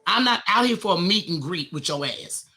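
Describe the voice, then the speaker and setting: A woman on a casual podcast who talks bluntly, swears a lot and breaks into loud laughter. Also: lowish voice, animated, fairly quick, husky.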